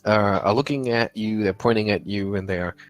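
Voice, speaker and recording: A man's voice: on the low side, a little fast, faint music behind. A man narrating as game master of a tabletop game, talking hesitantly with many fillers.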